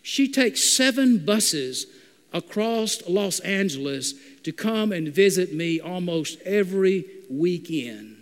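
A man voicing a tearful teenage boy in juvenile detention, within a sermon, halting with fillers. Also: sits high, animated, clean tone, heavily acted. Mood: sad. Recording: long reverb of a large hall.

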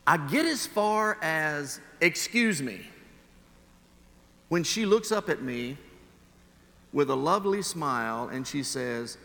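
A male pastor preaches in a bright, fairly high voice with lively intonation, telling a story from his own life. He alternates slow, weighty phrases with quick, chatty asides, and a long church-hall reverb trails his words.

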